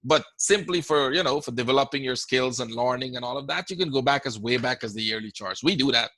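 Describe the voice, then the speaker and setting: A Guyanese-accented man runs a trading webinar, talking fast at a medium pitch with a sharp tone on a dry recording. The live Q&A feels conversational as he answers questions and often checks in with "right?".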